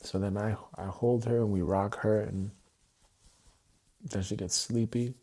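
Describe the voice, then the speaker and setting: A man with a low, husky, mellow voice speaks on a livestream. He talks in halting, repeated phrases and often restarts mid-thought. His delivery is raw and emotional. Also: fairly even intonation. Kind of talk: unscripted emotional livestream monologue.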